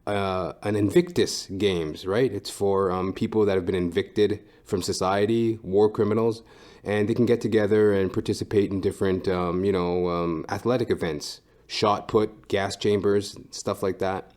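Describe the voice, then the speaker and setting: A podcast host talks in a rambling, casual monologue, swearing freely and padding his sentences with "like" and "um." His voice sits a little lower than most men's. He sounds loose and unscripted. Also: steady tone, normal speed, a little mellow. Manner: profane, rambling, heavy fillers.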